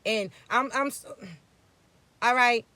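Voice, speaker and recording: A man's voice: very high-pitched, steady tone, slow pace, sharp tone, no room sound. A man giving a blunt, profane spiritual pep talk, scolding his listeners in streetwise slang. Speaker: spiritual reading host. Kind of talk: blunt motivational spiritual message.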